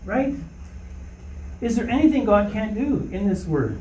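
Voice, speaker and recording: Leading a small group in informal Bible teaching, a man with a high voice speaks emphatically, often asks "okay?", and rises to preaching fervor. His tone is mellow, relaxed, and a little slow. He's recorded from a distance in a roomy space with faint ambience and slight background noise.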